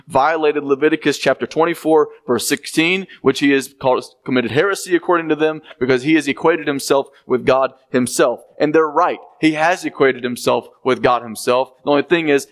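A man leads a verse-by-verse Bible lesson in an explanatory, emphatic way. His voice sits in an ordinary middle pitch, and he often repeats words for weight. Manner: explanatory, emphatic, acts out quoted speech with rising pitch. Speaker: Bible teacher.

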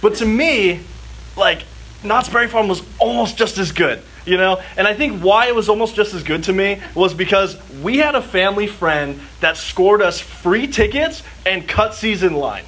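With a high, fairly bright voice carrying a breathy edge, a man from Southern California preaches to a live audience at a moderate pace and lively intonation. As a youth speaker, he recounts a personal story chattily, using "like" nonstop and dramatizing his younger self. The recording picks up audience noise in a hall.

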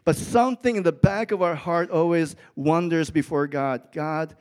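A man's voice: a little high, steady tone, moderate pace, a little mellow, smooth. A middle-aged man preaching a sermon in church, telling a story that rises to emphatic peaks. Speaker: pastor. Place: church with an audience.

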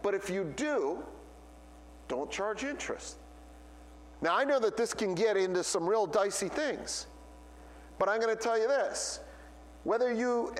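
A man's voice: sits high, big-room sound, a little hiss or hum. A man preaching a sermon as a pastor, telling stories and acting out the voices he quotes. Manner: storytelling preacher who acts out quoted voices.

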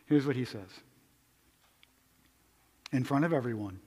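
A male pastor preaching a conversational sermon, moving between loud emphatic stretches and hushed quiet ones. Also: mid-range voice, moderate pace, long pauses, breathy edge, in a large hall.

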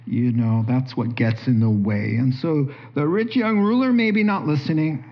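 A man preaching a sermon, telling the story in a lively way and acting out the dialogue. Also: medium pitch, moderate pace. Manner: animated storytelling, acts out dialogue. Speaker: pastor. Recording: dull lo-fi sound.

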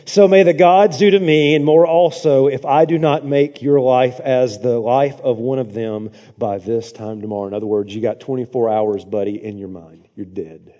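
A man preaching a sermon in a church, dramatic, swinging from hushed to loud with sarcastic asides. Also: mid-range voice. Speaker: pastor. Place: church sanctuary. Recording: dull, long church reverb.

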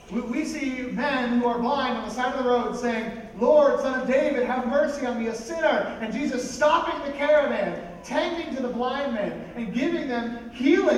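High-voiced preacher in an echoing hall. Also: male voice. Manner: conversational, animated, asks the audience questions. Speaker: pastor. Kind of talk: sermon. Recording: echoey hall, voice from a distance, background noise.

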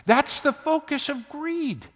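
An older man delivers a sermon from the pulpit, his high voice leaping up and down as he moves from loud, emphatic bursts to quiet asides. He takes his time, and his words ring out in the long reverb of a big hall. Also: lively intonation, takes it slowly. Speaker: pastor.

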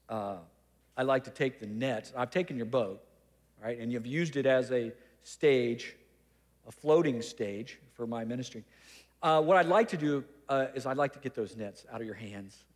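A preacher doing a soft hesitant teacher. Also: male voice, mid-range voice, long reverb tail, voice pushed down, close to an everyday voice. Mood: polite. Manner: soft, hesitant, with filler pauses. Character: calm hesitant male teacher asking a favor.

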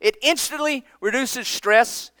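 A man preaching a sermon, earnest and emphatic, often dropping his voice low for effect. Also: slow pace, pushed and bright, smooth, no echo. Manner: earnest, emphatic preaching with dramatic drops in volume.

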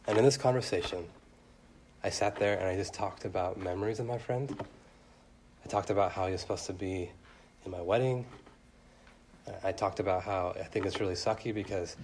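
A young man preaching a sermon earnestly, his voice swelling loud and then dropping soft. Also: on the low side, a little hiss or hum.

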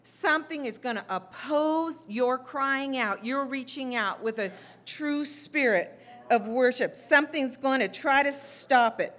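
A woman preaching with a fairly high voice. She moves from plain explaining to fervent, near-shouted passages, acting out the cries of scripture figures. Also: a little slow. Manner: builds to impassioned shouting, acts out scripture voices. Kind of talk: sermon.

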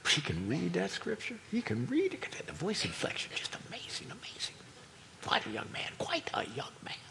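A man's voice: high voice, big pitch swings, a little fast, vocal fry, noisy background, exaggerated voice. A man preaching a sermon who voices a dismissive, gossiping hometown crowd in a mocking, incredulous tone. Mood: mock admiring. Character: scornful hometown synagogue crowd, gossiping men.

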